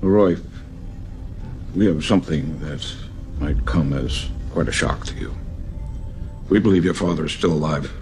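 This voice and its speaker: A grave deep-voiced official. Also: male voice, unhurried, long pauses. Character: grave older male official briefing an astronaut. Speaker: senior official in a film clip. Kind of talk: film dialogue. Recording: film soundtrack with loud music behind.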